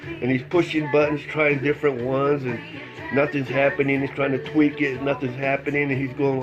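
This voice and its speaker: A man tells a long shaggy-dog joke in a loose, rambling way, jumping into the characters' voices as he goes. The recording sounds dull and lo-fi, with music playing clearly behind him. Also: mid-range voice, level tone, brisk. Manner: rambling, acts out voices, laughs at own jokes. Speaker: joke-telling host. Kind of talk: casual joke telling.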